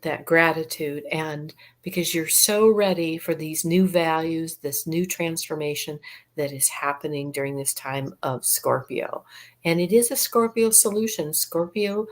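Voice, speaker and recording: A woman's voice: sits low, unhurried. A woman in a casual chat, explaining astrology in a flowing, reflective way. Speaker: astrologer guest.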